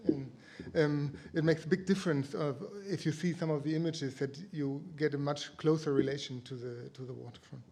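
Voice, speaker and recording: Male conference presenter, slightly high voice, halting delivery, pauses to find words. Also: a little mellow. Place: conference breakout room.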